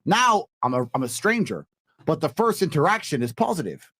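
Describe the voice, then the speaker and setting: A man's voice: fairly quick, breathy edge. Emphatic man coaching a podcast panel. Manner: emphatic, coaching, acts out lines in a calm low voice. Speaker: podcast guest. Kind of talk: explaining dating advice to a panel. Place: podcast studio. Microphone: studio microphone.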